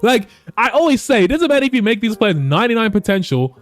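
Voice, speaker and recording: Exasperated gamer, high lively voice. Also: male voice, quick pace, no room sound, faint music behind. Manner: frustrated, swearing, swings from mutters to shouts. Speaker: gaming YouTuber. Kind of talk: casual play-by-play commentary over a video game.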